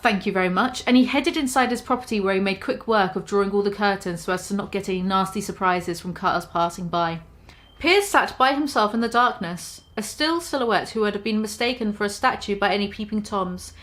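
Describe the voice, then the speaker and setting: Speaking a little fast in a bright-ish mid-range voice, a woman casually reads out a comic story she wrote. She stumbles over the words and is self-deprecating, laughing at her own writing.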